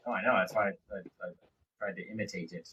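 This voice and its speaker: A man hosting a live painting stream, chatting casually and joking while he paints, often trailing off into quiet mumbles. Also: low voice, fairly even intonation, fast, dull audio, slight background noise.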